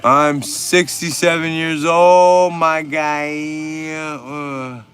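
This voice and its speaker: A man in his forties hosting a livestream, reading chat and tossing back laid-back, profane banter. His voice sits a bit high and bright with an edge. He talks at an unhurried, drawn-out pace. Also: little pitch movement, soft background music. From Texas. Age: 40s. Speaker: livestream host. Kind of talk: casual livestream chat reading viewer comments.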